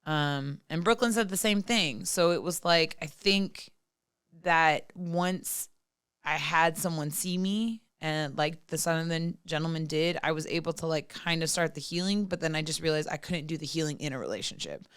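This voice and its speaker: A woman's voice: deep voice, moderate pace, a bit bright, clean tone, dry recording, clean studio sound. A woman in her thirties talking candidly and profanely as a podcast guest, full of "like" fillers. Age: 30s. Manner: frank, profane, many "like" fillers. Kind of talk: candid casual chat.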